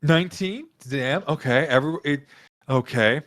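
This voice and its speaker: A man running a tabletop game as game master, talking in a casual, relaxed way. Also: on the high side, normal speed, slight background noise. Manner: casual, laid-back.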